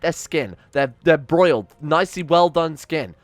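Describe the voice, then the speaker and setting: A man's voice: on the high side, animated, unhurried, few pauses, no room sound. A young man giving casual, exasperated game commentary, swearing and ranting theatrically. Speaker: game streamer.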